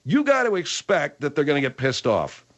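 Rambling male comedy host, animated pitch, fillers and restarts. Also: moderate pace. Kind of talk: comedy show chat.

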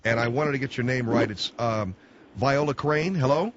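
A man's voice: medium pitch, moderate pace, a little hiss or hum. Sarcastic male talk radio host. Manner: sarcastic, animated storytelling. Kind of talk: talk radio monologue and call-in. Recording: dull, dry studio broadcast.

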